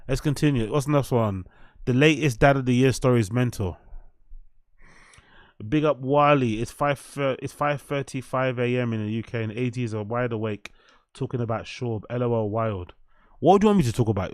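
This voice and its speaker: A young man with a British accent hosts a casual stream, talking back to his chat with sarcastic, swearing rhetorical questions. His voice sits at a middle pitch and the sound is close and dry. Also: a little fast, dry recording. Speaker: host. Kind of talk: casual chat reacting to clips.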